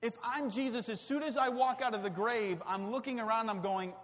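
A man in his thirties preaching a sermon in a church, animated and acting out exasperated voices. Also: very high-pitched, brisk, few pauses. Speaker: pastor. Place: church sanctuary. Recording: reverberant church hall.

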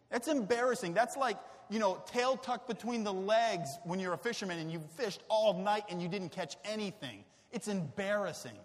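A man in his thirties preaching a sermon in a church, animated and acting out exasperated voices. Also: high-pitched, moderate pace, hardly any pauses. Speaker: pastor. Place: church sanctuary. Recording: reverberant church hall.

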